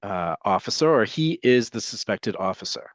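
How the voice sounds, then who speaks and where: A man's voice: lowish voice, lively intonation, normal speed, no room sound. A man teaching an online lesson on Hebrew grammar, explaining step by step and often checking in with "right?".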